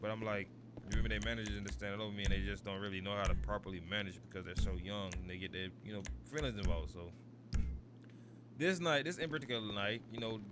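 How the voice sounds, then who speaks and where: Low-voiced rambling male streamer. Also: fast talker, background noise. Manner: rambling, repeats "you feel me" constantly. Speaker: gaming streamer. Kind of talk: casual storytelling over gameplay.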